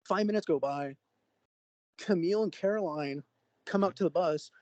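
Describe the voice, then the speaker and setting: A young man from Oklahoma, a podcast co-host, telling a story in an animated, excitable way with sudden jumps in pitch. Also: normal speed, no room sound, low-quality recording. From Oklahoma, USA. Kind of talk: casual storytelling.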